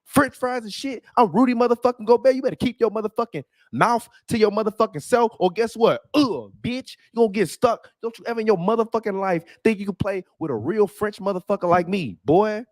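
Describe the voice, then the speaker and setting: A man's voice: high-pitched, a little fast, few pauses, no echo, studio quality, pitched above the performer's own voice, natural voice. A man putting on the voice of a brash, profane French basketball star who threatens anyone who insults him. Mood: menacing bravado. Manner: loud, profane, boastful threats.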